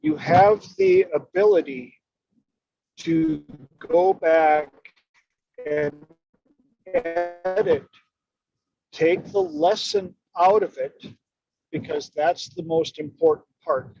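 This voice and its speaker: An emphatic man coaching through stories, with a high voice that swoops widely. He takes his time, and his voice has a gravelly grain. The recording is dull and dry. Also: slow pace, faint music behind. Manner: emphatic, expressive. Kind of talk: storytelling in conversation.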